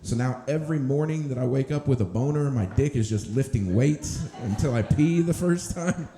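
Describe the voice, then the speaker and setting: Male stand-up, warm mellow tone, relaxed and rambling. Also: medium pitch, normal speed, soft background music. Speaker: stand-up comedian. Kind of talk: stand-up set. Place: comedy club stage.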